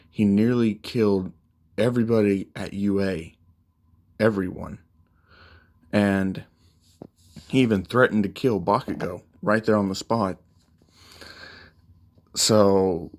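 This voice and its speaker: A man narrating a fan-made story in a casual, conversational way with many fillers. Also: lowish voice.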